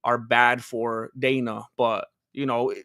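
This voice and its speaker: A man's voice: mid-range voice, flat delivery, slow pace, bright, forceful tone, dry recording, studio quality. A man co-hosting a podcast in casual chat, opinionated and rambling. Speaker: podcast co-host.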